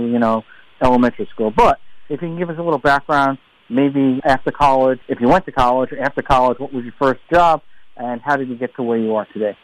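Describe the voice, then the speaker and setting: A man hosting a business radio show, talking in a loud, joking, teasing way. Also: medium pitch, no echo, poor audio. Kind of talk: playful radio show banter.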